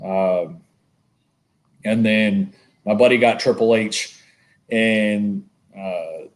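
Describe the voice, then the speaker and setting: Guy on a podcast rambling through a story, cusses a lot, animated, totally casual. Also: lowish voice, very slow. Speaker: podcast co-host. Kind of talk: casual chat.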